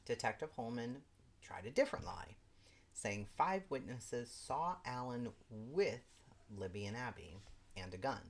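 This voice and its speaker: Very low-voiced woman host, lively pitch. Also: a little slow, loud music behind the voice. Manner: exasperated, incredulous asides. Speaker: livestream host. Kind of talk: reading a legal brief aloud with live commentary.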